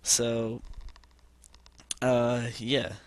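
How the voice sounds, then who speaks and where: A man's voice: mid-range voice, monotone, drawn-out words, smooth. A teenage boy telling a rambling personal story over gameplay, full of fillers and restarts, on a headset mic. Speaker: gaming commentator.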